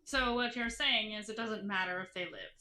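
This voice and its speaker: A woman's voice: mid-range voice, normal speed, sharp tone, a little hiss or hum, natural voice. A woman voicing a blunt, practical woman adventurer in a tabletop game. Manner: blunt, matter-of-fact. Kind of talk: tabletop role-play.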